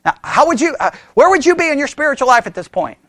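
A man's voice: very high-pitched, very animated, fast talker, fairly bright tone, dry recording. A man preaching as a pastor, in a conversational way, quizzing his listeners with questions and often restarting his sentences. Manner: frequent self-corrections and restarts. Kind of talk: sermon.

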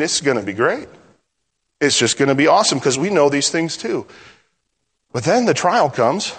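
Male pastor preaching in a reverberant hall. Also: a little high. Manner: conversational preaching, swings from lively to hushed. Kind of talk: sermon.

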